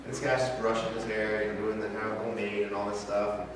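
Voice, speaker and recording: Recorded from a distance in a heavily reverberant sanctuary with background noise, a thirtysomething pastor rattles off sermon stories quickly. His lowish voice stays monotone, though his talk is casual and full of digressions.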